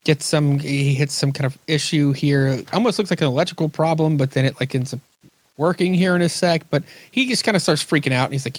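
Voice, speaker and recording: A man's voice: fairly high pitch, fast, no room sound. A man hosting a podcast, chatting casually and recapping comic scenes in a rambling way. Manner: rambling, recaps scenes, acts out quoted lines. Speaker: podcast host. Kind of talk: casual chat about comics.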